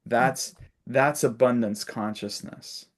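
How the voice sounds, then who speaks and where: A man's voice: medium pitch, fairly even intonation, slow. A man facilitating a spiritual discussion on a video call, telling stories and acting out little quotes with laughs. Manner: warm storytelling with laughs and acted-out quotes.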